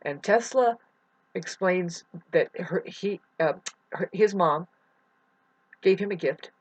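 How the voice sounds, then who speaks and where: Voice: mid-range voice, slow pace, slightly rough, no room sound. Brief: a fragmented, restless monologue vlogger who shifts from mumbles to outbursts; dull, muffled home-mic sound. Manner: fragmented, full of restarts, swings from mumbling to loud outbursts. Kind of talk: rambling unscripted monologue. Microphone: computer mic.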